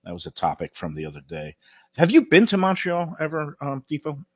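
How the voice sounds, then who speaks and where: Lively Brooklyn man telling stories. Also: on the high side, brisk, breathy edge, no echo. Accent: Brooklyn New York. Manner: animated storyteller, mouthing off. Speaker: host. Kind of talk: casual chat. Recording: dull lo-fi sound, dry.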